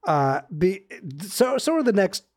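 A man's voice: high-pitched, big pitch swings, measured pace, crowd noise. Upbeat man recapping a film. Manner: enthusiastic, laughs often while retelling scenes. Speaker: podcast co-host recapping a film. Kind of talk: casual chat.

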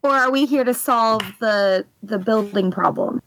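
A woman's voice: on the high side, measured pace, a bit bright, slight background noise. A woman playing a tabletop game, asking questions to clarify the plan. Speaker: player. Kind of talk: tabletop role-play.

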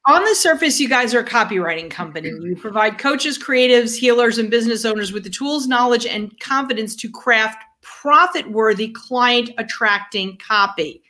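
A bubbly woman co-hosting a podcast in easy, casual talk. Her voice sits fairly high, and she keeps things playful, dropping little teasing asides as she goes. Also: animated, moderate pace, few pauses, bright, forceful tone. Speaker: podcast co-host.

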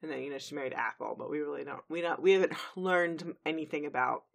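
A woman co-hosting a podcast in casual chat, talking quickly and saying "like" a lot. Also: sits low, creaky. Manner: quick, chatty, lots of "like"s, laughs easily. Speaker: podcast co-host.

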